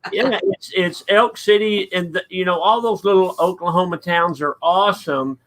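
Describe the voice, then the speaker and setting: A man's voice: high voice, moderate pace, fairly bright tone. A man hosting a casual interview and telling stories in an easygoing way. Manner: easygoing storyteller. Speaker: host.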